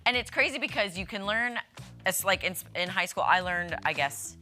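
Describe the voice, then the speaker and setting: A woman co-hosting a casual chat segment on a local TV show, talking in a lively, chatty way. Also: mid-range voice, moderate pace. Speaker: TV show co-host. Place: TV studio. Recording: faint music behind.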